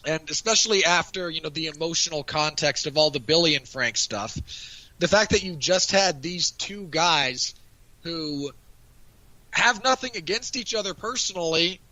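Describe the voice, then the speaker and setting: A man's voice: a little high, lively intonation, moderate pace, pushed and bright, no room sound, low-quality recording. A man chatting casually on a podcast, animatedly recapping a TV episode and acting out lines of dialogue. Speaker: podcast co-host. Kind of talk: casual review chat.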